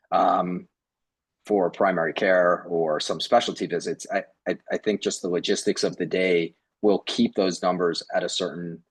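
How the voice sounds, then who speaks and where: A man's voice: deep voice, husky, no room sound. A man who works as a physician, speaking as a panelist and explaining points in a thoughtful way. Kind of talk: panel discussion.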